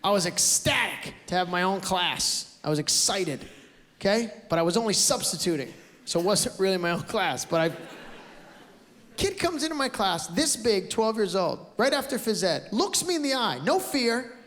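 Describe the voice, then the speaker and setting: Brash high-voiced comedian on a live stage. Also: male voice, very animated, moderate pace. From Canada. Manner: brash, loud storytelling with acted-out outbursts. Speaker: stand-up comedian. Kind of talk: stand-up comedy. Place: large theater stage before a live audience. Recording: roomy live theater recording with crowd laughter. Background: audience laughter.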